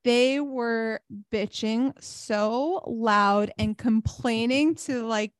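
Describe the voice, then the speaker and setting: A young woman on a yoga podcast, an animated storyteller who laughs often and fills her talk with "like". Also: fairly high pitch, drawn-out words, smooth, no room sound, studio quality. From South Florida. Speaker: podcast co-host, yoga teacher. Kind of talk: casual chat, storytelling.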